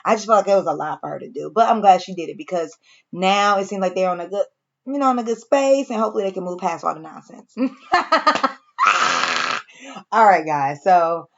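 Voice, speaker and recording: A woman recapping a TV episode for her viewers in a casual, animated way, cursing freely and talking straight to the audience. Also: medium pitch, brisk, long pauses, muffled recording. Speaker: TV reaction reviewer.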